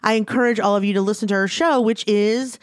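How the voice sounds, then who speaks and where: A woman co-hosting a podcast in casual chat, talking in a chatty, teasing way with quick asides. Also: mid-range voice, steady tone, no room sound, studio quality. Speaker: podcast co-host.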